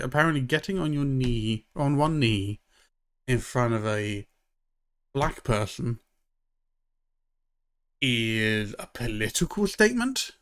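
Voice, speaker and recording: Male streamer, chatty rambler, mid-pitched, lots of ums and restarts. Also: a bit bright. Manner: rambling storyteller, many fillers and restarts. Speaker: live streamer. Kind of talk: casual live-stream chat.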